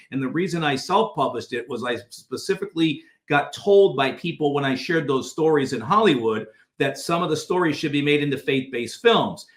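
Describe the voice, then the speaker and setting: A man with a fairly high voice spins an animated story as a podcast guest and slips into different voices for the people he quotes. The sound rings in a roomy, echoey space. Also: a little fast, few pauses. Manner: acts out quoted dialogue in changing voices. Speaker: guest author.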